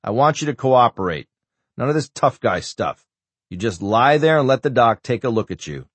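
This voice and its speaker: A man's voice: lowish voice, lively intonation, brisk, no echo. A man voicing a stern, commanding male federal agent in an audiobook. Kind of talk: audiobook character voice.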